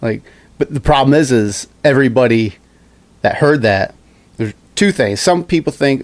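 A man talks loosely in a casual podcast, wandering through his points with frequent laughter. His voice sits at an ordinary middle pitch and is recorded dry and close. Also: animated, moderate pace, no room sound. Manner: rambling, laughing, reads quotes aloud. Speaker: podcast co-host. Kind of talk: casual political chat.

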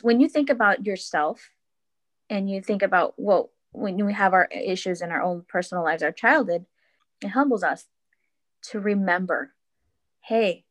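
A woman in her thirties, a mother telling a personal story in casual conversation, earnest and reflective with frequent restarts. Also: mid-range voice. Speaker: podcast guest.

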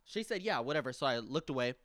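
A man's voice: medium pitch, quick pace, no room sound, studio quality. Young guy on a podcast, heated ranting, cusses a lot, voice jumps all over. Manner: heated, expressive ranting with lots of cursing. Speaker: podcast co-host. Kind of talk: casual chat.

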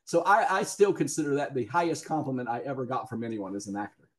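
Southern male guest, chatty raconteur, laughs through his anecdotes, mid pitch. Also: sing-song, fast talker. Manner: chatty storyteller, laughs often. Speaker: guest actor. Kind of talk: casual podcast interview.

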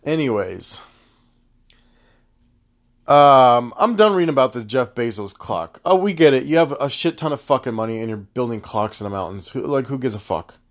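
A man hosting a casual solo podcast, rambling through tangents in a loose, profane, animated way. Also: mid-range voice. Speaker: podcast host.

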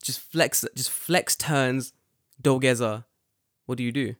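A young man telling a story in a loose, casual chat, cursing freely and acting out what people said with leaps in pitch and volume. His voice sits at a middle pitch and is recorded close and dry, with no room sound. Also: slow pace, dry recording. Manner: animated, swearing, acts out quotes with big jumps in pitch. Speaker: podcast co-host.

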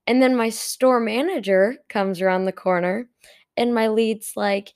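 A woman's voice: fairly high pitch, normal speed, darkish tone. A young woman in casual storytime chat about a shift at her retail job, talking with lots of "like" and stifled giggles. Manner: chatty, giggly, full of "like" fillers. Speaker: retail worker telling a story.

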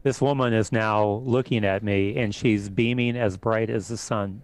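A man, a priest, calmly recounting events as an interview guest in a measured way. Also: fairly low pitch, poor audio. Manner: calm, measured retelling. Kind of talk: interview storytelling.

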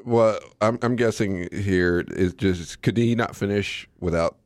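A man's voice: lowish voice, a little slow, darkish tone, dry recording. A man co-hosting a radio show, chatting casually and teasing his co-host with a playful manner. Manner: playful, teasing, laughs easily. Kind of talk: casual chat.

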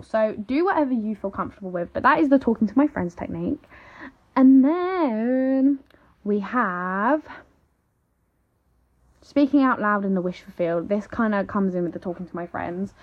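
A young woman, chatting casually in a vlog and saying "like" and "literally" all the time. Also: medium pitch. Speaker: vlogger. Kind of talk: casual chat. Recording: slightly dull lo-fi audio.

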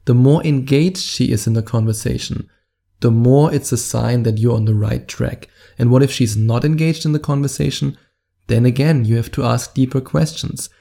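A man speaking English with a German accent, coaching his viewers on how to talk to women. His voice is dark and mellow with a gravelly edge. He sounds upbeat and salesy and drops playful asides. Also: mid-range voice. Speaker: dating coach. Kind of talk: direct-to-camera coaching talk.

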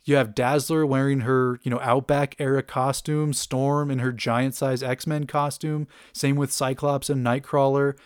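A man's voice: mid-range voice, little pitch movement, measured pace, hardly any pauses, clean tone, no echo, clean studio sound. A man casually chatting about a cartoon episode, enthusiastic and rambling with lots of fillers and laughs. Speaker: podcast host reviewing a cartoon. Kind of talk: casual chat.

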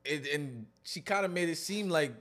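A man's voice: fairly high pitch, expressive, normal speed, a bit bright. A man co-hosting a podcast in casual chat, laid-back and joking, often trailing off mid-thought. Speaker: podcast co-host.

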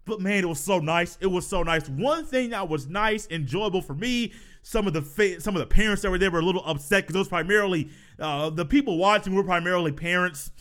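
High-voiced chatty sports podcast man. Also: brisk, fairly bright tone. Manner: chatty storytelling, laughs and repeats himself. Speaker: podcast host. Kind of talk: casual solo sports podcast talk.

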